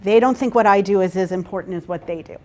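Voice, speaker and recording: Animated woman leading a workshop. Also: medium pitch, fast talker. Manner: animated, checks in with rhetorical "right?" and "okay?". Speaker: workshop facilitator. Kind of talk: interactive workshop talk.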